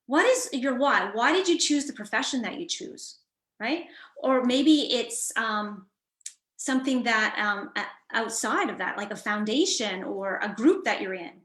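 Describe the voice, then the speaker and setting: A woman's voice: on the high side, lively intonation, unhurried, a bit bright, echoey room. A woman coach telling a personal story in a conversational, reflective way, with frequent fillers and restarts. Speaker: guest coach.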